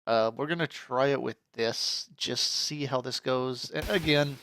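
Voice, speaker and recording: A man's voice: medium pitch, unhurried, a bit bright, no echo. A man giving casual, joking let's play commentary, swearing freely and laughing often. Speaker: gamer.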